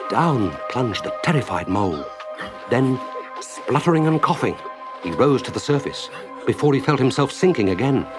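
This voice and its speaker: A man narrating a children's storybook in a lively, expressive way. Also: mid-range voice. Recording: music bed under narration.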